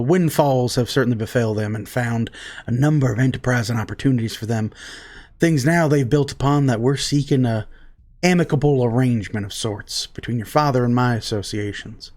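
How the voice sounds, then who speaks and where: Man doing a flattering dwarf trader, smooth and folksy, mid-pitched. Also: moderate pace, lightly acted.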